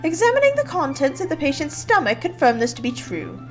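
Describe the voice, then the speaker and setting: A woman's voice: sits high, big pitch swings, fairly quick, faint music behind, poor audio. A woman voicing a cheerful young male bird assistant, reading game dialogue in a chirpy, eager way.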